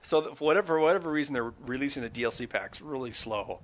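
A man in casual conversation about video games, talking in an animated, halting way. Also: mid-range voice. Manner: animated, halting, restarts often.

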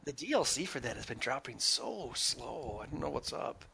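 Guy with a sharp bright voice talking games, animated, keeps restarting. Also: mid-range voice, gravelly, slight background noise. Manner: animated, halting, restarts often. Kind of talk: casual chat about video games.

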